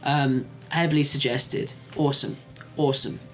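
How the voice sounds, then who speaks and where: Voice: medium pitch, flat delivery, normal speed, soft background music. A podcast co-host in casual chat, enthusiastically recommending a show, swearing freely and using lots of fillers. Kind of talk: casual chat reviewing shows.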